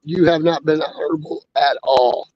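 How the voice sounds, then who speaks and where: A man with a high voice mocks and insults the person he is arguing with. The sound is dry and somewhat dull. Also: steady tone, moderate pace, no room sound. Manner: insulting, dismissive, mocking. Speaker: passerby confronting the streamer.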